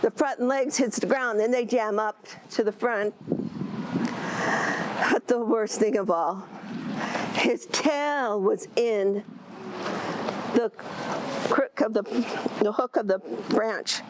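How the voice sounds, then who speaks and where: Expressive woman telling a traditional story. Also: on the high side, slow pace, pauses often, background noise. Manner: animated, expressive, with asides. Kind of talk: oral storytelling to an audience.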